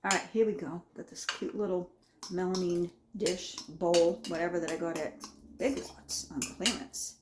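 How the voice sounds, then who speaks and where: A woman's voice: fairly low pitch, fairly even intonation, normal speed, noisy background. A woman chatting casually in her home kitchen as she tastes and talks through her own cooking, rambling and folksy.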